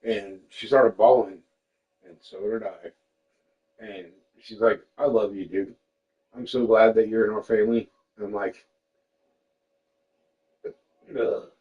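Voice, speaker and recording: A man's voice: on the low side, takes it slowly, pauses often, highs cut off. Profane, candid man telling stories casually. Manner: candid and profane, quotes people in lively voices. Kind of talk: casual storytelling chat.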